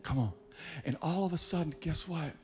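A man preaching a sermon to a congregation, leading them by name and building to loud, rhythmic climaxes. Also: fairly high pitch, normal speed. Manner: leads the congregation, calling people up by name.

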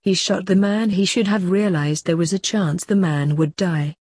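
A woman voicing a stern male nobleman in a storybook reading, speaking bluntly and slowly. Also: on the low side, fairly even intonation, a little mellow, husky, dry recording, clean studio sound. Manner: slow, blunt.

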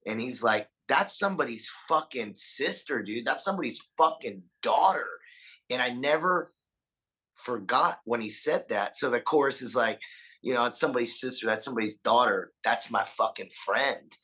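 A man's voice: mid-range voice, expressive, normal speed, sharp tone, slightly rough, rough recording. A man speaking as a podcast guest in casual conversation, earnest, often repeating and restarting words and swearing freely. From Austin, Texas. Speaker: podcast guest, punk singer.

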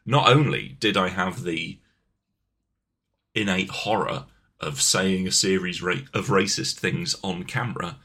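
A man's voice: deep voice, bright, forceful tone, husky. A man co-hosting a casual podcast chat, with a mild English Midlands accent and a wry, joking manner. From England, Coventry. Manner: wry, joking, quick asides. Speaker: podcast co-host.

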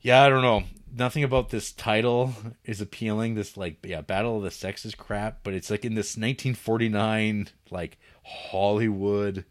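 A man's voice: lowish voice, fairly even intonation, moderate pace, hardly any pauses. A man co-hosting a film podcast, talking casually and profanely, laughing and acting out scenes with sarcasm. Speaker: podcast co-host reviewing films.

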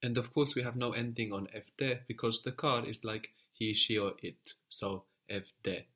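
A man teaching a one-on-one language lesson, explaining patiently and often checking with a quick question. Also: medium pitch, steady tone, pushed and bright.

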